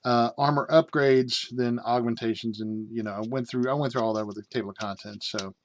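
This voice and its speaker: A man's voice: mid-range voice, steady tone, a little fast. A middle-aged American man casually reviewing a tabletop game book, rambling with many fillers and joking asides. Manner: rambling, with frequent fillers and self-amused asides.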